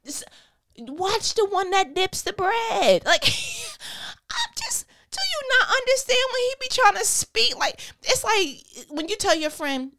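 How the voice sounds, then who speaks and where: A woman hosting a faith podcast, reading a Bible passage and then riffing on it in a playful, slangy, animated way. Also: fairly high pitch, moderate pace. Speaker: podcast host. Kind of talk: Bible reading and casual commentary.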